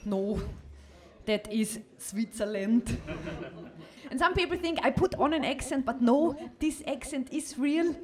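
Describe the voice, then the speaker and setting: A woman's voice: high voice, a crowd in the background. An actress with an Austrian accent playing an awkward, confused young woman who hesitates and stumbles over her words in a sitcom. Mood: stand-up. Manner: hesitant, halting and self-conscious. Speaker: aspiring comedian. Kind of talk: sitcom acting.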